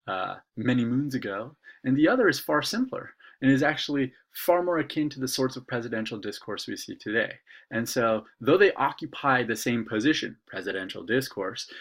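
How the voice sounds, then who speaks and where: An instructor talks through a recorded lesson in a relaxed, conversational way, often pausing on "uh." His voice sits at an ordinary middle pitch but moves up and down with lively emphasis. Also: slightly rough. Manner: conversational, filler-laden explaining. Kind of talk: recorded video lecture.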